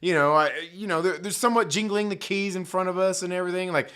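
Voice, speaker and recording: A bright, forceful man ranting about a movie in a loose, profane way. His voice sits a little high for a man. He rambles, piles up fillers and swears freely as he works himself up. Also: steady tone, fast, smooth. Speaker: movie commentary host. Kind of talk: casual rant, film review.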